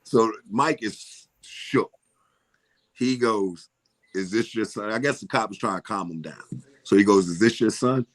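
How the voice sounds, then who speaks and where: Measured in pace and fairly low in pitch, this middle-aged man is a comedian guest from Philadelphia, USA. In a casual interview he tells stories with animation, imitating voices and laughing often.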